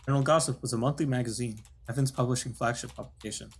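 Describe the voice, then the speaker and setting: A husky, slightly breathy man reading game text aloud on stream. He keeps it casual, trips over words and stops to correct himself, then carries on. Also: mid-range voice, steady tone, very fast. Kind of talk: reading a visual novel aloud.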